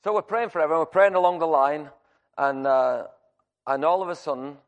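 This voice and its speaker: A man preaching a sermon, telling a personal story in a conversational, animated way with many restarts. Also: on the high side, a little fast, muffled recording. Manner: shouts to act out screaming.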